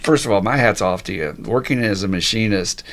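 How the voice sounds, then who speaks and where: A man's voice: lowish voice, fairly quick, a bit bright. A man hosting a podcast interview, chatting casually and enthusiastically, swearing freely and laughing often. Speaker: podcast host.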